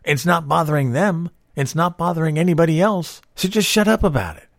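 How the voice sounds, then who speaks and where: A man's voice: fairly high pitch, fairly quick, vocal fry, no room sound, clean studio sound. A man hosting an advice monologue, talking in an emphatic, lecturing way with many rhetorical questions. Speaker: host.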